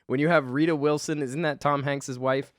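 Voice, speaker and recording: A man's voice: a little high, steady tone, moderate pace, no room sound. A man giving rambling, self-deprecating voice-over commentary on his drawing, swearing casually. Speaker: artist, channel host.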